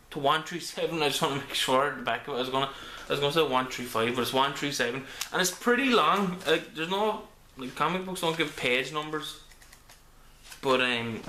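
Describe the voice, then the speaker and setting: Man, casual comic review, bright voice, lots of ums and restarts, echoey room, camera mic. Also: a little high, lively intonation, a little fast, slight background noise. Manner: rambling with many ums and restarts.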